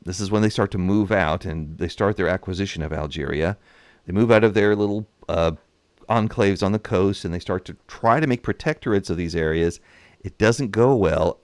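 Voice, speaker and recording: Low-voiced man, animated history commentary. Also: no echo. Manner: animated, acts out nations in voices, chuckles. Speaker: history and strategy game commentator.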